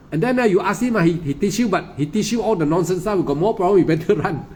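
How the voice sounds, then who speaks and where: A man's voice: high-pitched, animated, fast, a little mellow, slight background noise. A man giving an informal dharma talk as a meditation teacher. He fires off rhetorical questions, keeps checking with "right? not?", chuckles often and acts out what other people say.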